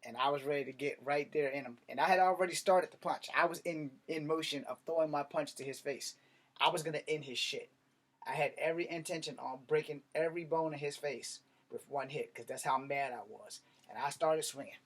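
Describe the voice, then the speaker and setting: A man telling a personal story in a blunt, profane, animated way. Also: a little high, fairly quick. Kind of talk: casual storytelling monologue.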